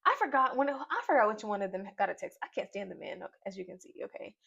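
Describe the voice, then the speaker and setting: A woman's voice: medium pitch, very animated, fast, vocal fry, fairly bright tone, husky. A woman from Nashville chatting through a reality TV recap with sassy, playful asides. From Nashville, Tennessee, US. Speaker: YouTube reality TV reviewer. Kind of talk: casual recap vlog. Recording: dull lo-fi sound.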